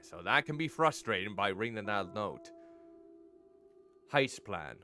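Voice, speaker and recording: A man's voice: on the low side, very animated, a little slow, long pauses, sharp tone. A male streamer reading game text aloud and commenting, stumbling over pronunciations.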